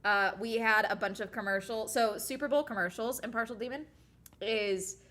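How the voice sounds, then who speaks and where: A woman's voice: fairly high pitch, normal speed, a bit bright. A young woman from the United States chatting casually on a livestream, rambling and sarcastic as she talks to her chat. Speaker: streamer.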